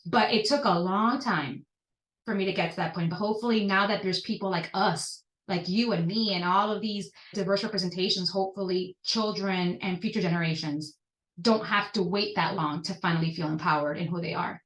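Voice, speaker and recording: A woman in her thirties telling personal stories as a podcast guest, animated and jumping up in pitch when she stresses a point. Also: fairly quick. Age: 30s. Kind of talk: personal storytelling in conversation. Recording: echoey room.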